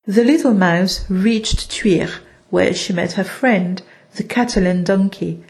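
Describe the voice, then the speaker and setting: A woman narrating a children's story in a gentle, unhurried reading manner. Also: medium pitch, vocal fry.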